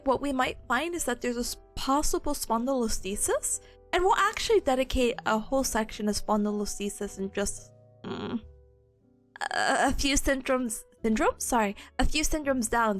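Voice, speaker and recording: A high-voiced young woman with a hoarse, worn-out voice talks through her study notes. She is bubbly and chatty and giggles easily. Faint music plays in the background. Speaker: streamer reviewing study notes. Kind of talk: casual study stream.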